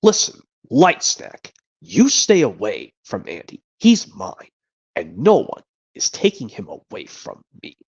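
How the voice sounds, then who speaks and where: A man's voice: medium pitch, wildly swooping pitch, measured pace, slightly rough, heavily acted. A jealous cowboy doll , as a man puts him on snaps and taunts with a voice that swings wildly up and down. The sound is dull and lo-fi, like a home stream. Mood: jealous, bossy. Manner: taunting, scolding.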